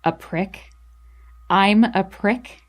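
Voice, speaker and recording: A woman voicing a bitter, icy young man. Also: drawn-out words. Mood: angry. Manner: clipped, bitter, low and icy. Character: angry defensive young man, curt and cold.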